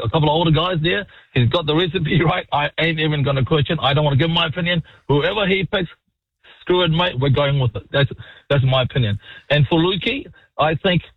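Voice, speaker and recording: A New man calling into a sports radio show, excitable, swearing freely and calling everyone mate. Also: fairly high pitch, husky, no room sound. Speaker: caller. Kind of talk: radio call-in. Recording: muffled phone-in line.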